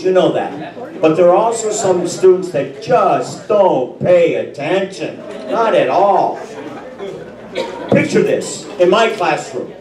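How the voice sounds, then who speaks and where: An older man works through a crude stand-up set, drawling his lines and chuckling as he goes. His voice sits high and swoops widely, and his delivery is unhurried. He sounds distant in an echoey club over a loud, laughing crowd. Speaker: stand-up comic. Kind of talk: stand-up routine. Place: small club with a live crowd. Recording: echoey room, mic far off, loud crowd.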